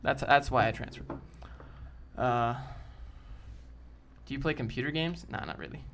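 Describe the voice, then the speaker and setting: A man's voice: medium pitch, unhurried, fairly bright tone, slight background noise. A man in casual live-stream chat, answering chat in a blunt, joking, brash way. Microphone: desk mic with a sock over it.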